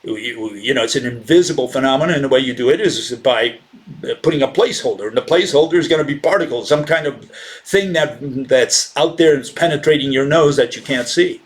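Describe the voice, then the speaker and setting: A man giving an informal science lecture, blunt and dismissive of rival ideas, asking rhetorical questions and often restarting with fillers. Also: medium pitch. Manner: halting, many fillers and restarts.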